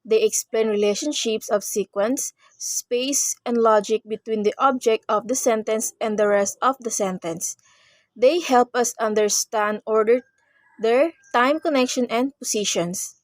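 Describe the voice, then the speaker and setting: A woman's voice: fairly high pitch, a little slow, no room sound. Young woman explaining grammar. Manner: reads explanations in short phrases, with small restarts. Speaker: student presenter. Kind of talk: class report on grammar.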